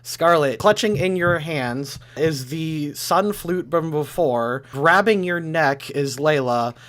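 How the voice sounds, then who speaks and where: A man's voice: fairly high pitch, slow pace, a bit bright. A man running a tabletop game, narrating in a loose, casual way. He hesitates often and keeps an easy, everyday tone. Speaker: game master.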